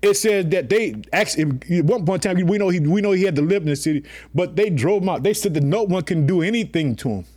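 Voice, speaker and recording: A man's voice: high-pitched, fast, few pauses, a little mellow. A man preaching a sermon in a colloquial, emphatic way, calling his listeners family and often saying "guess what" and "let me tell you something.".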